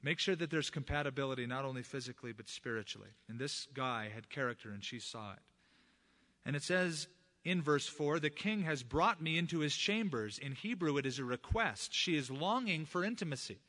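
A middle-aged man, a pastor, preaching a sermon in a conversational, animated storytelling way. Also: medium pitch, a little fast.

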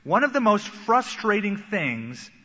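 Animated preacher in an echoing hall. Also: male voice, sits high, measured pace. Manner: animated, acts out quoted voices. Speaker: pastor. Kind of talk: sermon. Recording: echoey hall, dull sound.

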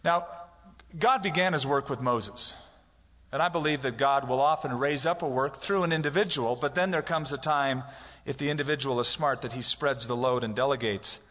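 A man's voice: mid-range voice, normal speed, fairly bright tone. A male pastor giving a conversational sermon with humorous asides, acting out the people in his stories. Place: church sanctuary. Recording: church hall reverb.

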